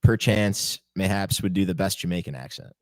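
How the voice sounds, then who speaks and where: A young man co-hosting a casual sports podcast, playful and teasing, with quick interjections. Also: low-pitched, no echo, studio quality. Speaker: podcast co-host. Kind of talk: casual chat.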